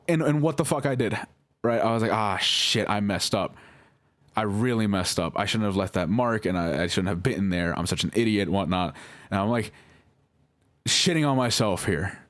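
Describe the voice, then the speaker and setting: A young vlogger with a fairly low voice responds to accusations, telling his side of the story in a halting, emotional monologue. He swears and corrects himself as he goes.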